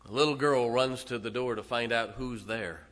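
A male preacher delivering a sermon, retelling a story dramatically with sudden loud swells and hushed drops. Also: medium pitch, normal speed.

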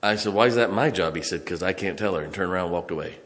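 A man preaching a sermon as pastor, telling stories from the pulpit and breaking into song and shouts. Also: low-pitched, racing, long reverb tail. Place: church sanctuary.

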